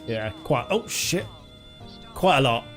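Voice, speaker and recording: A young British man streams a flight simulator, rambling casually to his live chat and laughing often. His voice is medium-pitched, animated and a bit bright, and he talks slowly over soft background music.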